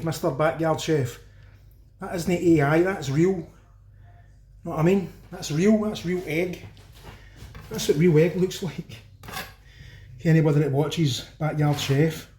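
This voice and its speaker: A Glaswegian man talks viewers through his cooking in a home kitchen, exclaiming over every bite. His voice sits a little high but sounds mellow. The room is echoey, with a faint hiss behind him. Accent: Glaswegian Scottish. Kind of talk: casual cooking commentary to camera.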